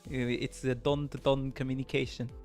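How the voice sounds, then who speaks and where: A male streamer reads a game's story aloud, breaking off to joke, laugh and greet viewers. His voice sits at a middle pitch and his delivery is casual. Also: flat delivery, a little fast, darkish tone, soft background music. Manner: jokey, laughs often, chats with viewers. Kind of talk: reading game dialogue aloud on stream.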